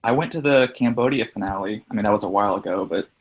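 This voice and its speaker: A man's voice: fairly low pitch, fast, a little hiss or hum. A man on a casual live video call, speaking in an easygoing, somewhat hesitant way.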